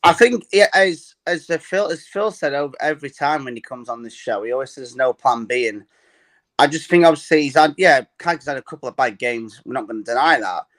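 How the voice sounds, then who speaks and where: A man's voice: mid-range voice, a little fast, a bit bright. A man as a guest on a fan chat call, rambling and restarting his sentences. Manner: rambling, restarts often, laughs easily.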